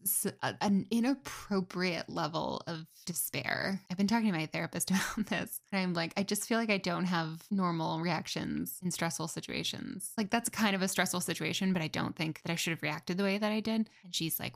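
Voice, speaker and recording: A woman's voice: on the low side, moderate pace, creaky, few pauses. A young woman hosting her own podcast, telling a personal story in a chatty, self-deprecating way full of fillers. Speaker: podcast host. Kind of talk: casual solo storytelling.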